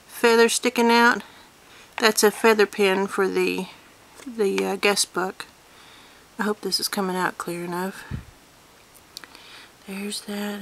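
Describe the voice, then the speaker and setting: A crafter with a mid-range, fairly bright voice casually shows a handmade miniature in a vlog. She films on a handheld digital camera in a cluttered room at home and keeps dropping apologetic asides.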